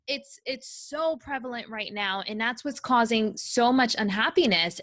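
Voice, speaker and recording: A woman's voice: a little high, pushed and bright, no room sound. A woman hosting an interview, chatting in a casual, enthusiastic and upbeat way. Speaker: podcast host.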